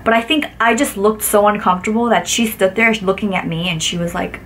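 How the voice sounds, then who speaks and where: Woman vlogger rambling thru a story, says like a lot, mid pitch, bit of faint noise behind her. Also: brisk, few pauses. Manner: animated, acts out quotes with lots of "like" fillers. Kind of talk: casual storytelling vlog.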